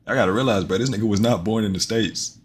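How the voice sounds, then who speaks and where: A man's voice: fairly low pitch, fast talker, slight background noise. A man streaming live, commenting on a video in a loose, joking and profane way, often repeating himself.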